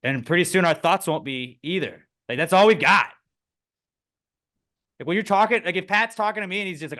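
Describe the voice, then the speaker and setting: Bright-voiced man chatting on a podcast. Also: on the high side, a little fast. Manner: animated, swears often, voices people mid-story. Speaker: podcast co-host. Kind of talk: casual chat.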